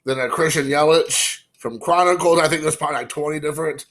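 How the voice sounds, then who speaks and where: A man chats casually into the camera for his collecting vlog. His voice sits a bit high and sounds bright and forward, and he rambles through his story with excitement, slipping into quoted asides. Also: quick pace, a little hiss or hum. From Indiana, USA. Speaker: card-collecting channel host.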